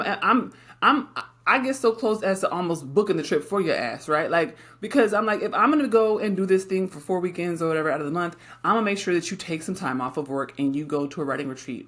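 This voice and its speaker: A middle-aged woman co-hosting a podcast chats casually in a lowish voice. She's frank and emphatic, repeatedly turning to her co-host with quick tag questions.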